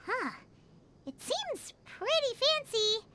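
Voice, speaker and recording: A woman voicing a tiny, curious, fairy-like girl companion in a video game, with a very high, sing-song voice and chatty questions. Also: very animated, slow, pushed and bright, a little hiss or hum, exaggerated voice. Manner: chatty, wide-eyed questions. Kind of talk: game dub voice acting. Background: game music.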